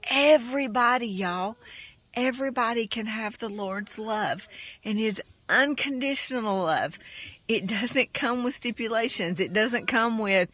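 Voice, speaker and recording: A woman's voice: on the high side, unhurried, a bit bright. A middle-aged woman, sharing a heartfelt, emotional faith testimony on her farm vlog, rambling and saying y'all often. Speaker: farm vlogger.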